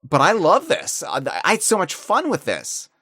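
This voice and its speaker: A man hosting a podcast, chatting casually and telling stories with excitable energy. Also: high voice, moderate pace, slightly rough, no room sound, studio quality. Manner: animated, excitable storytelling. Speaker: podcast host. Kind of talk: casual chat.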